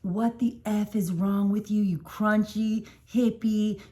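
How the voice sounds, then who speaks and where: A woman's voice: medium pitch, steady tone, natural voice. A woman doing a furious cussing male doctor. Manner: shouting scolding, slow and emphatic.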